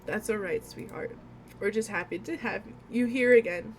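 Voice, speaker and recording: A woman's voice: medium pitch, moderate pace, soft background music, natural voice. A woman reading a loving mother's lines from a visual novel in her own voice. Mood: tender. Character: loving mother of grown kids.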